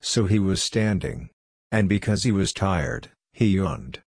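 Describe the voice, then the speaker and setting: A man narrating a storybook in a measured, simple reading style. His voice sits low and the recording is close and dry, with no room sound. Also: animated, darkish tone, no room sound.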